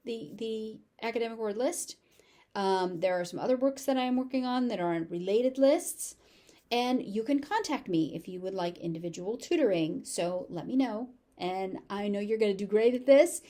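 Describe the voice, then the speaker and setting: A woman with a General American accent teaching pronunciation, repeating each word slowly and carefully. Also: medium pitch, mellow. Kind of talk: pronunciation lesson with word drills.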